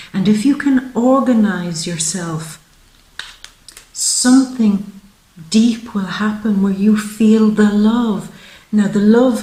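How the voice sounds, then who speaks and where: A woman's voice: medium pitch, dark tone, echoey room, rough recording. A woman giving a monthly tarot reading, speaking in a heartfelt, spiritual way. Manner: slow, heartfelt, spiritual talk. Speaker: tarot reader.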